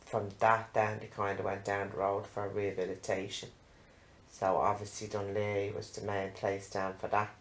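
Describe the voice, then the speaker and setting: Low, flat man, echoey room. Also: normal speed. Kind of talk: recorded testimony. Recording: echoey room, loud music.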